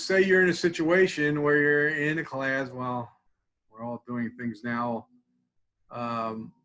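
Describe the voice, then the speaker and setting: An older man, a college support clinician, calmly teaching a tapping technique in a webinar, often dropping to quiet repeated phrases. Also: on the high side, poor audio.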